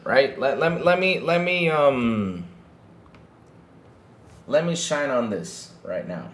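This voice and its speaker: A man's voice: medium pitch, expressive, slow pace, a bit bright, echoey room, a little hiss or hum. A man hosting a livestream podcast, ranting heatedly to his chat and often repeating himself. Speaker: podcast host.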